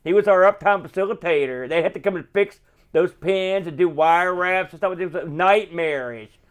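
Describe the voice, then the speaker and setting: A man's voice: high-pitched, normal speed, smooth. A man in casual chat as co-host, explaining how things worked on an old job. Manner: explanatory, fills in technical details.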